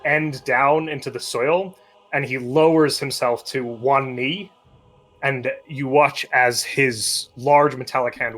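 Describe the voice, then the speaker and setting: A man's voice: mid-range voice, fairly bright tone. A man playing in a tabletop game over a video call, describing his character's actions in loose, conversational narration. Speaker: player voicing a paladin.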